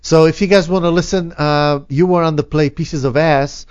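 A man's voice: on the high side, fairly even intonation, moderate pace, dry recording. A man hosting a casual morning radio show, chatty and rambling, with lots of fillers and restarts. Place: radio studio. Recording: dry, dull lo-fi studio sound.

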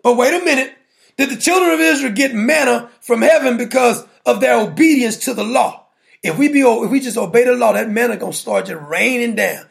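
A man's voice: very high-pitched, brisk, gravelly. A man preaching a sermon in a colloquial, playful way, firing rhetorical questions and laughing with the congregation.

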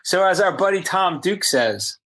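A man's voice: sits high, animated, normal speed, a bit bright. A man co-hosting a podcast in casual chat, teasing and laughing often. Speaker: podcast co-host.

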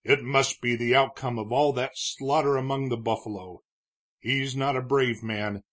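A man's voice: medium pitch, steady tone, moderate pace, fairly bright tone, close to an everyday voice. A man reading a worried old judge. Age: older. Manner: earnest, pleading. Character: elderly male town judge, worried and shrewd.

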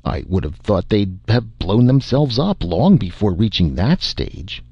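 A man voicing a calm, dryly teasing alien traveler visiting an old friend. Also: on the low side, measured pace, husky, dry recording, muffled recording, pitched above the performer's own voice, exaggerated voice. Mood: wry. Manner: dry, mildly teasing.

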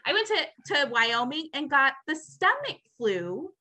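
A woman's voice: sits high, very animated, a little slow, bright, forceful tone, poor audio. A young adult woman hosting a podcast, telling a long story in a casual, rambling, exasperated way with plenty of swearing. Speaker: podcast host.

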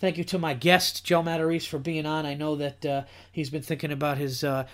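A man hosting a comedy podcast, ranting in an animated way and repeating himself for emphasis. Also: fairly high pitch, fairly quick. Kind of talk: casual comedy podcast chat.

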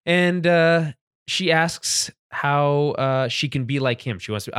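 A man with a slightly high, fairly bright, clear and resonant voice speaks unhurriedly on a podcast he co-hosts, recorded dry with clean studio sound. The talk is a casual TV episode recap, full of laughter and restarted sentences.

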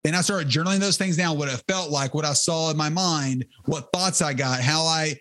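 A man's voice: a little high, moderate pace, a bit bright. Fervent man telling his story. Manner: earnest, fervent storytelling with frequent restarts. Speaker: interview guest, ministry leader. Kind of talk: testimony in conversation.

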